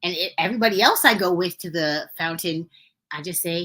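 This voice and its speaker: A young woman hosting a podcast, telling childhood stories in a casual, animated way, laughing and acting out quotes. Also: on the low side, brisk. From Brooklyn, New York. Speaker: podcast host. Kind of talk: casual storytelling.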